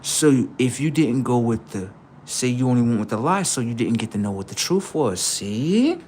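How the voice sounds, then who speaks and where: Young male streamer, casual slangy monologue, big loud spikes and low asides. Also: moderate pace, a little hiss or hum. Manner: animated, swings from loud outbursts to quiet asides; slangy, addresses viewers directly. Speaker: livestream host.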